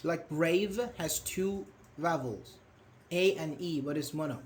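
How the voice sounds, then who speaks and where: Patient male English teacher, higher voice. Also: a little hiss or hum. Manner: patient, questioning, repeats words slowly. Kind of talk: live online grammar lesson.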